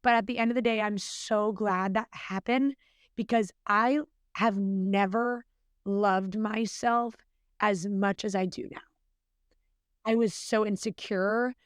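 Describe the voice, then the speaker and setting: A woman's voice: mid-range voice, steady tone, slow, clear, resonant tone, dry recording, studio quality. A young adult woman, a podcast guest, talking in an earnest, chatty way with lots of fillers. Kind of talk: casual podcast interview.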